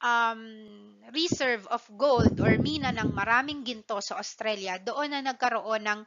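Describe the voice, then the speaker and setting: A woman's voice: fairly high pitch, normal speed, muffled recording, heavy background noise. A woman teacher with a Filipino accent gives an online class lecture, mixing Tagalog and English and checking in with "okay?" often.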